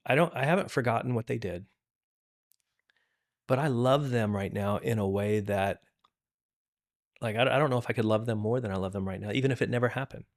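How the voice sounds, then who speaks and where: A man's voice: medium pitch, brisk, long pauses. A middle-aged man, a pastor, telling a personal story of forgiveness in a candid, earnest way, often restarting and repeating words. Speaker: pastor and podcast guest. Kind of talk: candid testimony in conversation.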